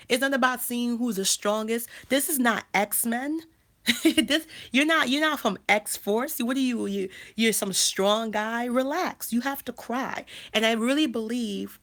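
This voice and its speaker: Woman, 30s, higher-pitched voice, emphatic, repetitive phrasing, casual livestream host. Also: a bit bright. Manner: emphatic, repeats phrases, frequent restarts. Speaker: life coach and channel host.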